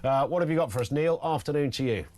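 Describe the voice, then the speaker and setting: A man hosting a radio phone-in, chatty and affable, dropping in quick interjections as he talks with callers. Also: a little high, a little mellow. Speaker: radio talk show host.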